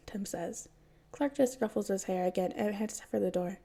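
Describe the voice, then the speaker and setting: A woman reading fan fiction aloud as a podfic, telling the story in a calm, even way. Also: mid-range voice, normal speed, slightly rough. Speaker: podfic reader.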